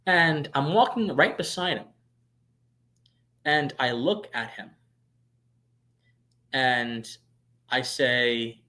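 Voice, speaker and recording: A man's voice: medium pitch, very slow, long pauses. Chatty man telling a story. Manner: animated, swings from hushed asides to loud bursts; chatty, many fillers and restarts. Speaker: streamer and show host. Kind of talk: casual storytelling on a live stream.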